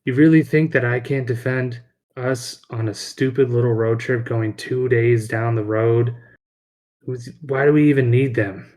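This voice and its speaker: A cocky young dwarf boy who scoffs and boasts, played by a man. His voice is plain and mid-pitched. He is a figure in a tabletop game. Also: steady tone, unhurried, darkish tone, close to an everyday voice. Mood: scoffing. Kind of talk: tabletop role-play voice.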